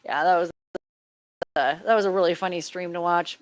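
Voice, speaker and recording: A woman's voice: fairly low pitch, fairly even intonation, normal speed. A woman co-hosting a casual chat, telling a story with giggles and enthusiasm.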